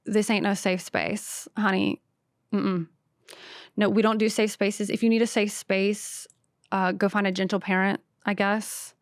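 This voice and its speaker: Brash southern lady comic ranting on her podcast, mid pitch, dead dry room. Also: flat delivery, unhurried, dry recording. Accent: light Southern American. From American South. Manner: brash, sassy, self-mocking rants. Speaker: podcast host and stand-up comedian. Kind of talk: solo comedic monologue. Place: podcast studio.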